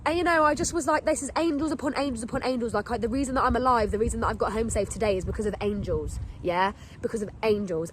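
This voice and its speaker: A young woman with a high, bright voice tells a story at a quick clip. She is chatty and emotional, packing in "like" and "literally." A faint hum of room sound sits behind her. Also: animated. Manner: chatty, gushing, full of "like" and "literally"; emotional, heartfelt. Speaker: podcast host. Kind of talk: casual storytime monologue.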